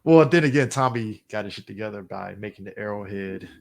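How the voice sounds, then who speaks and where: A man's voice: on the low side, a little fast, gravelly. Laughing, slangy man riffing on a show. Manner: animated, laughing, slangy storytelling. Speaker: podcast co-host. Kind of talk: casual chat.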